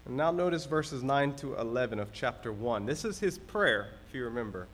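A man's voice: medium pitch, animated, moderate pace, fairly bright tone. A man pastor preaching a sermon in a conversational way, acting out everyday complaints.

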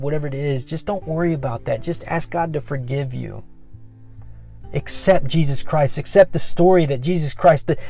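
Gravelly-voiced man preaching earnestly. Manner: earnest and repetitive, often dropping to a soft low voice. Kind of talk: informal devotional message.

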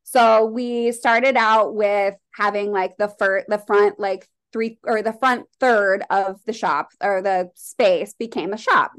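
A woman's voice: medium pitch, steady tone, slow, few pauses, smooth. A woman from Colorado, a shop owner and artist, talking candidly in a casual interview, rambling with lots of "like". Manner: rambling, heavy use of "like", candid.

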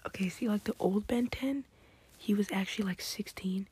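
A woman chatting excitedly in a hushed, whispery late-night ramble at home, trying not to be heard. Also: mid-range voice, normal speed, husky. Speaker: podcast host.

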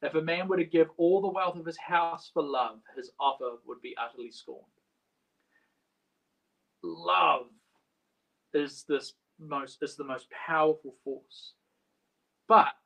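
A man preaching a sermon in a casual, halting way, restarting often and swinging between quiet and loud. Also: fairly high pitch, rough recording. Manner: halting, with many restarts and a wide swing in loudness. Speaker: pastor.

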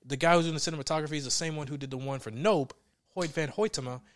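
A man co-hosting a casual chat, telling stories with loud laughing outbursts and mimicked voices. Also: a little high, racing, crowd noise. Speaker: podcast co-host.

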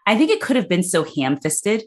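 Woman host, low voice, lively chatty plot recap. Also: fairly quick. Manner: animated, recaps the plot and laughs often. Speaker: podcast host. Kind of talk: casual movie podcast chat.

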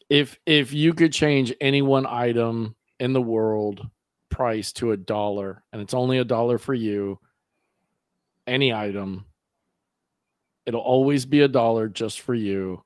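A man's voice: medium pitch, dry recording. Chill host guy asking loose questions, mid voice, dry mic. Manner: relaxed, loose phrasing, quick back-channel agreement. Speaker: podcast host. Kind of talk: casual interview questions.

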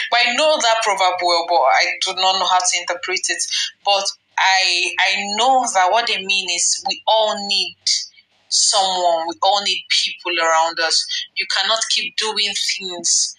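A woman's voice: medium pitch, moderate pace, bright, forceful tone, echoey room, rough recording. A woman hosting a breakfast talk show, chatting casually with fillers and small laughs. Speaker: radio-style show host.

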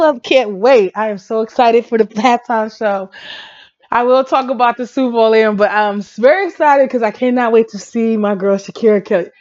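A woman chatting casually about pop music and celebrity gossip, excitable, laughing often and breaking into song. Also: a little high, moderate pace, muffled recording. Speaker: pop culture vlogger.

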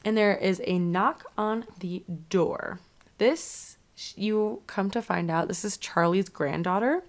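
A woman's voice: medium pitch, slow pace. A woman co-hosting a podcast in a casual chat, animatedly recapping a horror movie, swearing and saying "like" a lot. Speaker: podcast co-host.

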